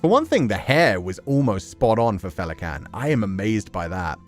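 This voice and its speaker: A man's voice: fairly low pitch, big pitch swings, moderate pace, soft background music. A man chatting casually on a live stream, reacting to fan art and laughing often.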